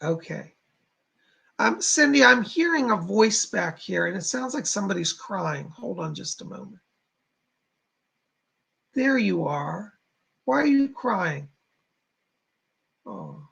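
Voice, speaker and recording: A man who is a psychic medium giving live readings to viewers in a halting, reassuring way, speaking to them directly. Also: high voice, very animated, creaky, a bit bright, breathy edge.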